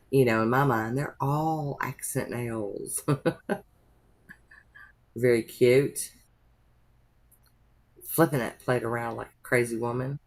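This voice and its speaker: Chatty woman doing a nail tutorial. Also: extremely low pitch. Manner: chatty, rambling, homey asides. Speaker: nail art vlogger. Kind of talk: casual tutorial narration.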